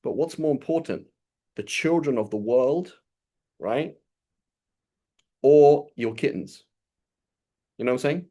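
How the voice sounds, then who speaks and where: A man's voice: mid-range voice, slow pace, long pauses, mellow. A man giving an informal religious lesson, talking loosely and often checking in with his listeners. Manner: conversational, often checks in with "right?"; recites Arabic passages fluently. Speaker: religious teacher.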